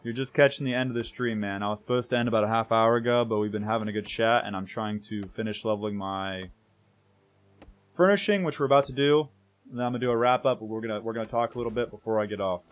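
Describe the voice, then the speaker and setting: Faint music plays behind a young man from the United States, whose fairly low, steady voice races along as he chats casually with viewers during a game stream. He rambles, self-corrects and trails off softly.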